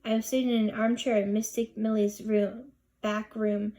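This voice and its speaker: A woman's voice: medium pitch, little pitch movement, normal speed, dark tone. A woman narrating a children's chapter book in first person, reading expressively. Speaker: audiobook reader. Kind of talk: storybook narration.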